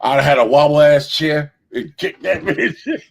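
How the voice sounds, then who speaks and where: A man's voice: on the high side, moderate pace, creaky, no echo, rough recording. A man, hosting a stream and telling exaggerated comic stories with lots of laughter. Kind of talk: joking storytelling on a livestream.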